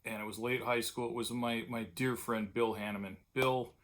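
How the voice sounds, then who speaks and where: A man's voice: medium pitch, fairly even intonation, moderate pace, fairly bright tone. An older man from California, the host of his own vlog, reminiscing in a loose, rambling way, with lots of fillers and restarts and a wistful tenderness when his memories turn to old friends. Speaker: vlogger. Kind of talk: casual reminiscing monologue.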